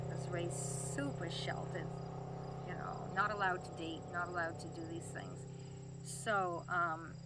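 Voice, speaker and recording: A woman's voice: medium pitch, very noisy. Older grandmother telling family stories. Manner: chatty, laughing, acts out quoted voices. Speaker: grandmother being interviewed. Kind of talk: family storytelling interview.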